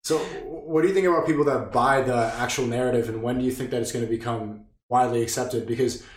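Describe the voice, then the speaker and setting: A man with a mid-range voice who talks quickly and asks short, curious questions in casual podcast talk. His voice bounces around an echoey room. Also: medium pitch, fairly even intonation. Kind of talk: casual conversation.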